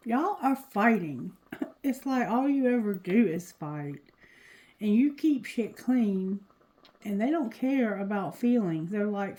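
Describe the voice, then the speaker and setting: A woman giving a casual tarot reading to her viewers, talking loosely and cursing, going quieter when she asks the cards. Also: mid-range voice, animated, measured pace, rough recording. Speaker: tarot reader.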